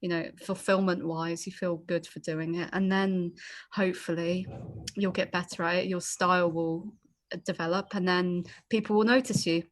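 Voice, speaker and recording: A young woman being interviewed as a guest artist, talking in a relaxed, thoughtful, encouraging way. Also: on the low side, moderate pace. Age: young adult. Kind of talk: casual interview chat.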